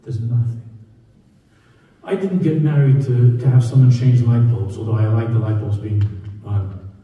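A man's voice: medium pitch, fairly even intonation, normal speed, phone-quality sound. A man giving a sermon as a rabbi, telling stories conversationally and repeating key phrases for emphasis. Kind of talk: sermon to a live audience. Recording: echoey hall, distant mic.

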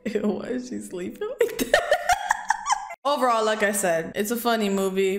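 A woman hosting a casual movie reaction, laughing often and bursting into loud excited outbursts. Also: medium pitch, moderate pace, reverberant, faint music behind.

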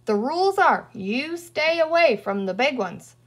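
A shrill, cackling little old woman from a storybook world, green and withered, gloating in a drawling cowboy twang, as a woman reader puts her on. Her voice climbs high and swoops wildly. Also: very animated, measured pace. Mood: gossipy gleeful.

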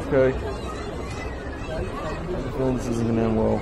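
A man's voice: mid-range voice, expressive, slow, pauses often, a crowd in the background, noisy background. A man casually reacting to meme videos, exclaiming and laughing at what he sees.

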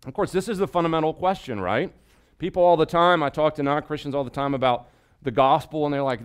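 Animated man teaching a Bible study. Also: fairly high pitch, a little fast. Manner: animated, acts out skeptics' voices, swings from loud to hushed.

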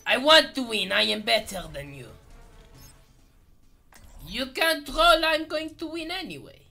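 A man commentating his gameplay in a put-on French accent, excitable and swearing, into a gaming headset. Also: very high-pitched, unhurried, gravelly, faint music behind. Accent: fake French accent. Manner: excitable, swearing, breaking into shrieks and laughter. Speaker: gaming video host.

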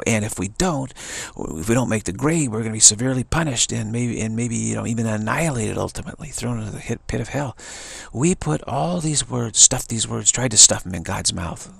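A man with a low, heavily gravelly and husky voice gives an earnest spiritual talk. He tells it like a story and circles back over his phrases for emphasis. The sound is close and dry. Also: fairly quick, few pauses, a bit bright, no echo. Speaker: spiritual teacher.

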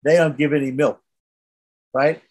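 Husky man teaching scripture. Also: on the high side, steady tone, unhurried. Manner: conversational storytelling, often asks "right?". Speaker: religious teacher. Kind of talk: scripture class lecture.

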